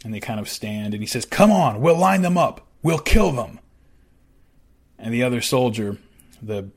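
Man narrating history, conversational and measured. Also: lowish voice, darkish tone. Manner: measured, with fillers and restarts. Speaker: podcaster.

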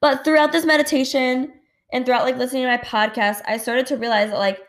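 A woman's voice: sits high, fairly even intonation, quick pace. A woman hosting a casual solo podcast, talking candidly, swearing freely and saying "like" a lot. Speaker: podcast host. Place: home at night. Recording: roomy echo.

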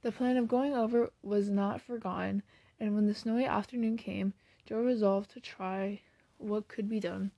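A woman reads a classic novel aloud at a steady pace and sometimes restarts a phrase. Her voice is mellow with a gravelly texture. The recording is close and dry, with no room sound. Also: mid-range voice, normal speed, dry recording. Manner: steady reading with occasional restarts. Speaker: audiobook reader.

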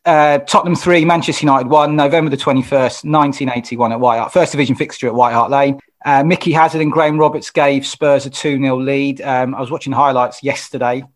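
A man hosting a casual interview, setting up questions and reading out match details in a relaxed way. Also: mid-range voice. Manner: relaxed, reads match details, quick backchannels. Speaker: podcast host.

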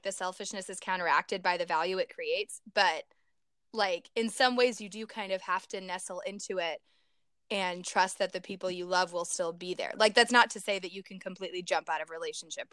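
Reflective young woman, smooth voice. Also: lowish voice, moderate pace, fairly bright tone, dry recording, clean studio sound. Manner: reflective, rambling with many "like"s. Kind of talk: casual chat.

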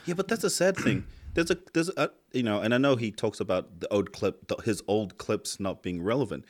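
A male podcast co-host talks in casual chat with heated emphasis, swearing heavily and breaking into rising, emphatic outbursts. His voice is on the low side and he speaks a little fast.

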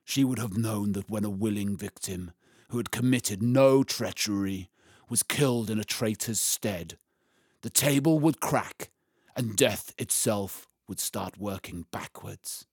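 A man voicing a huge, solemn, gentle male lion, speaking calmly and gravely in a storybook reading. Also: fairly low pitch, no room sound, studio quality. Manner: calm, grave, unhurried.

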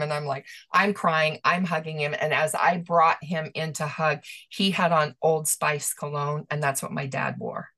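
A woman's voice: low-pitched, fairly bright tone. A middle-aged woman, a medium as guest, telling personal stories in a rambling, emotional way with many restarts. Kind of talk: conversational storytelling.

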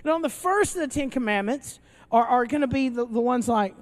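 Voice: mid-range voice, fairly quick. A pastor preaching to a live congregation in a casual, joking style, often restarting sentences and asking the crowd questions. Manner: conversational and joking, with frequent restarts; asks the audience questions. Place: church service before an audience, also streamed online.

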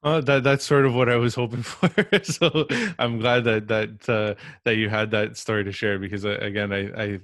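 Low, flat-voiced male podcast host. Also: moderate pace, few pauses, no room sound, clean studio sound. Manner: hesitant, many fillers and restarts. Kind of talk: casual interview.

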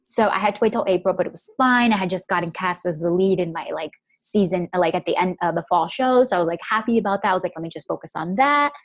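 A woman's voice: lowish voice, fast, few pauses, dry recording. A young woman telling a personal story in a chatty way, filling her speech with "like". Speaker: guest.

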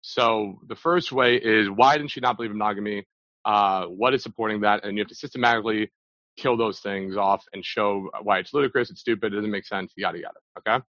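A man's voice: fairly low pitch, a little fast, fairly bright tone, no room sound. Man telling a story casually, dull dry audio. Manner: loose, filler-heavy with frequent restarts. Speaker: podcast guest.

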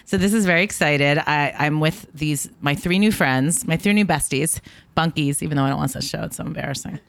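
A woman's voice: low voice, fairly quick, dry recording. A woman hosting a casual podcast chat outdoors at her house, bubbly and laughing often. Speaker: podcast host.

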